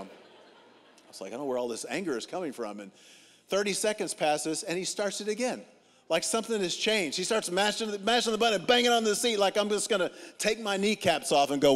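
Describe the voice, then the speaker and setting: A man's voice: high-pitched, fairly quick. A man preaching a sermon as a guest speaker, telling stories with comic timing and acting out what people said. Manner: comic, animated storytelling with acted-out dialogue. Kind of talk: humorous sermon storytelling. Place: church auditorium. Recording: long reverb of a large hall.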